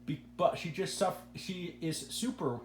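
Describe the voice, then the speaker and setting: There's an echo and a faint hum around this podcast host, whose high voice is expressive and unhurried. He gives loose, rambling opinions, often stumbling by repeating words when he begins a sentence.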